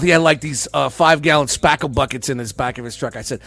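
Gravelly high-voiced man telling a profane story. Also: fast, hardly any pauses, dry recording. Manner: animated, swears constantly, acts out quarrels with raised voice. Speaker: podcast host telling a story.

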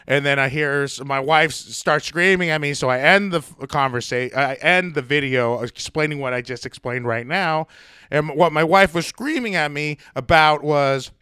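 A man's voice: on the high side, sharp tone, clear, resonant tone, no echo, clean studio sound. A young man telling a personal story in a heated, profane, ranting way. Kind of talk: casual storytelling.

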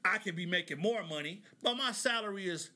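A man hosting a podcast in casual comedic commentary, animated and joking, laughing often as he riffs. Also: high voice, fairly quick. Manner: animated, joking, laughs often, reads articles aloud with asides. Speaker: podcast host.

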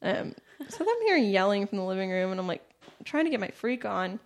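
Animated young woman telling a story. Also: medium pitch, quick pace. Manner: animated, laughing storyteller acting out quotes. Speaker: comedian guest. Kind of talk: casual storytelling chat.

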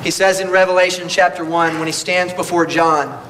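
Bright high-voiced male preacher. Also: fairly even intonation, normal speed, a little hiss or hum, rough recording. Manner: emphatic, with rhetorical questions. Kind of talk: sermon. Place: church service.

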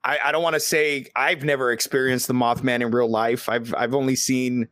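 A man hosting a podcast, telling stories in a casual, animated way and swearing constantly. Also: mid-range voice, moderate pace, dry recording. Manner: animated, heavily profane. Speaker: podcast host. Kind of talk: casual storytelling chat.

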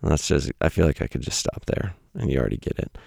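Very deep gravelly man, wry and blunt. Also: animated, fast, a little mellow, no echo, studio quality. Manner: wry, self-deprecating, blunt asides. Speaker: podcast host reading his weekly writing. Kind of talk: casual spoken essay reading.

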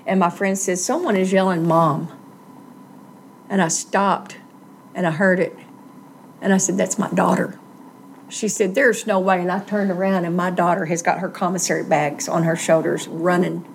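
A woman's voice: on the low side, fairly even intonation, moderate pace, gravelly. Middle-aged woman, earnest testimony, faint background noise. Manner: earnest storytelling, acts out quoted voices. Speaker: interviewee. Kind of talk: personal testimony in an interview.

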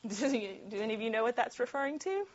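A woman's voice: a little high, expressive, a little fast, dull audio. A woman teaching a group Bible study in a casual, conversational way, laughing often and tossing in asides.

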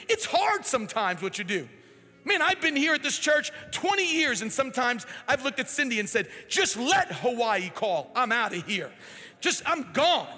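A male pastor preaching a sermon in a church, animated and swinging between loud and hushed. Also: extremely high pitch, in a large hall. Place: large church hall.

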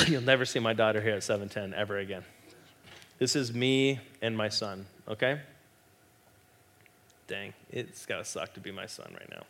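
Male pastor, middle-aged, bright tone; animated, joking sermon delivery with acted-out quotes. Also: fairly low pitch, normal speed, creaky, pauses often, slight background noise. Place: church.

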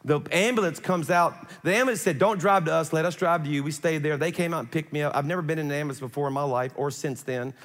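Animated pastor telling a story in a big hall. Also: male voice, a little high, quick pace, few pauses. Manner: animated, conversational, acts out quotes. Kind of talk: sermon storytelling. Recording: long hall reverb.

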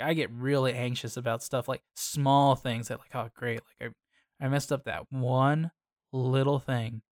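A man co-hosting a podcast in a casual, playful chat, full of filler words and quick asides. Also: mid-range voice, dry recording, studio quality. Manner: animated, playful, lots of filler "like". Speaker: podcast co-host.

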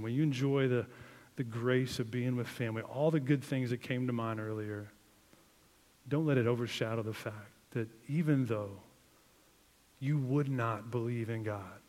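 A man preaching a sermon in a casual, conversational way, full of "like", swinging between emphatic outbursts and quiet, hushed passages. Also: medium pitch. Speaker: pastor. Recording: long hall reverb.

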